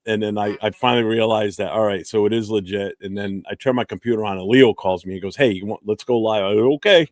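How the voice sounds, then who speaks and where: A man hosting a live fan show, talking in a relaxed, chatty way and often restarting his sentences. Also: lowish voice, fast, few pauses, dry recording. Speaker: podcast host. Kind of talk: casual live chat.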